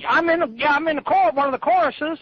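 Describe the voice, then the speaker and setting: A man's voice: very high-pitched, quick pace. A man from Indiana, confused and indignant, talking on the phone as a hotel guest. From Fort Wayne, Indiana, United States. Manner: indignant, easily offended, confused. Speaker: hotel guest being prank-called. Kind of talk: phone conversation. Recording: lo-fi phone line.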